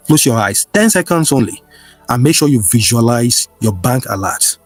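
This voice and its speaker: A man's voice: medium pitch, lively intonation, a little fast, dry recording, faint music behind. A man giving spiritual teaching and leading prayer affirmations, repeating each point with emphasis. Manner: repetitive, emphatic, insistent.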